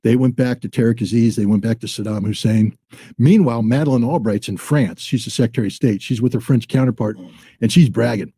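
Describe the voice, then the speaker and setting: Dark, husky-voiced man telling a story. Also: medium pitch, a little fast, dry recording. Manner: blunt, acts out quoted dialogue. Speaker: former weapons inspector, guest. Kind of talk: storytelling in an interview.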